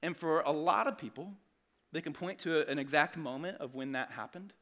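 A man's voice: a little high, brisk, a bit bright. A man preaching a sermon as a pastor, conversational and earnest, with frequent restarts.

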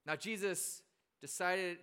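Bright, clear-voiced storytelling preacher man. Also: high voice, slow. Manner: chatty and self-deprecating, with frequent fillers and restarts. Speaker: pastor. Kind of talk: casual storytelling sermon.

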